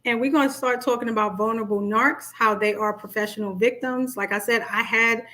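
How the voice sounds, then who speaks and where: Chatty Brooklyn woman, high voice. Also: steady tone, fairly quick, bright, forceful tone. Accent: New York. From Brooklyn, New York. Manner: chatty, greets commenters by name. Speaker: life coach. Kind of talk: casual livestream talk.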